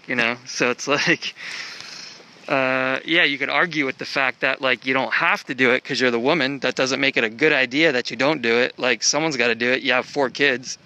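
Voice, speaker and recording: A man's voice: medium pitch, sharp tone, slight background noise. A man thinking aloud in a casual vlog as he walks through an outdoor park, filmed on a handheld camera. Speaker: traveler filming a walk.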